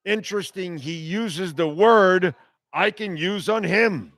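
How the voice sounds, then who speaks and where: A man's voice: high-pitched, takes it slowly, fairly bright tone, no echo. A man hosting a sports radio show, ranting bluntly and profanely in a heated, repetitive monologue.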